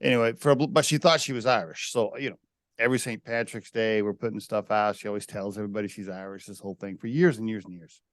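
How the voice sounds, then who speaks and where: A man in his forties hosting a casual podcast interview, chatty and quick to laugh, fond of telling anecdotes. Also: lowish voice, fairly even intonation, no echo, clean studio sound. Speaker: podcast host.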